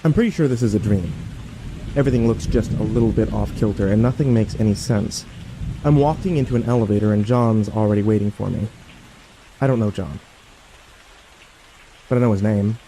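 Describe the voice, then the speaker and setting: A man narrating dark horror stories in a slow, grim, scripted manner that climbs to frantic shouting in the tense scenes. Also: mid-range voice, rough recording.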